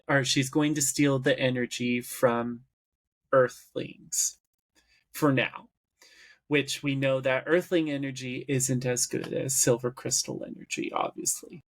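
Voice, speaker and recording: A man co-hosting a podcast, slowly walking through a cartoon episode's plot in casual chat. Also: medium pitch. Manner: slow, explanatory, recaps plot at length. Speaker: podcast co-host.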